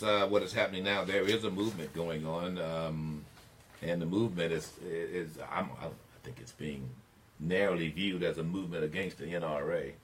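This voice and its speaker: An older man with a very low voice hosting a call-in talk radio show. He delivers his opinions like a preacher, building emphatic swells that climb toward shouting on the points he cares about. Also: breathy edge.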